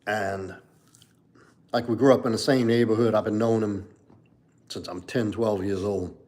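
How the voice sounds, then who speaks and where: A slightly low-voiced man in his forties talks casually on a livestream, coaching his viewers as he answers their comments. He is blunt and candid, swears freely, and leans on "like" and "you know". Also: steady tone, normal speed, darkish tone. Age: 40s.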